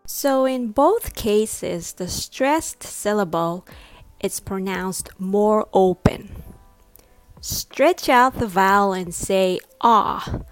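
A woman teaching English pronunciation, modelling words slowly with exaggerated stress and repeating each one. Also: mid-range voice, expressive, soft background music. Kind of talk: slow deliberate pronunciation lesson.

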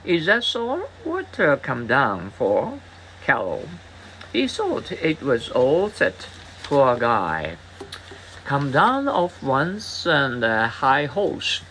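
A man reading English example dialogues aloud as a teacher, in a halting way with frequent hesitation fillers. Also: medium pitch, huge pitch swings, a bit bright, a little hiss or hum, low-quality recording.

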